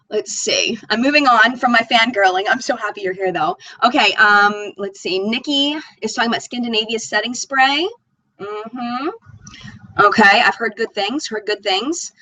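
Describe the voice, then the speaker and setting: A woman's voice: a little high, pushed and bright, no echo, low-quality recording. A woman hosting a live makeup chat stream, reading viewer comments aloud and gushing over them. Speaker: beauty channel host.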